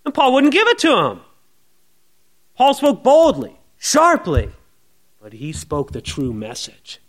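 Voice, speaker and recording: A male pastor preaches verse by verse in a high voice, talking to the congregation as if in conversation. His pitch swings widely as he asks questions and acts out the quoted voices with relish. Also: huge pitch swings, takes it slowly. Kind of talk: expository sermon.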